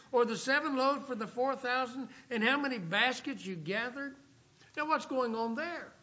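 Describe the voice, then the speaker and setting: A male preacher delivers a sermon in a bright, high voice. He reads scripture passages aloud and stretches out key phrases for emphasis. The recording is dull and lo-fi.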